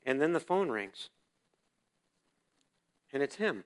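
A man giving a sermon testimony to a congregation, acting out the dialogue of his story and swinging between quiet reflection and loud, emphatic bursts. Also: medium pitch, big pitch swings, takes it slowly. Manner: storytelling that acts out quoted dialogue. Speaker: church speaker sharing a testimony. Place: church service.

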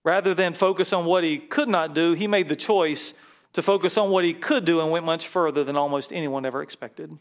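A fervent male pastor preaching to a congregation in a church, with a slightly higher than usual voice. He leads the room in call-and-response and then in prayer. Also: fairly quick. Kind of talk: sermon.

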